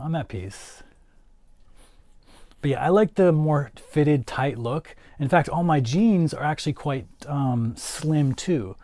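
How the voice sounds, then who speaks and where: A man's voice: mid-range voice, darkish tone, no echo. A man chatting casually as a livestream host, rambling with lots of "like" fillers and answering his chat.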